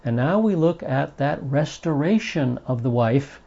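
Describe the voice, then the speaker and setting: Gravelly man teaching a Bible study. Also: on the high side, animated, a little slow, hardly any pauses, mellow. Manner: earnest, emphatic, reads quotes aloud with stress. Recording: dull lo-fi recording.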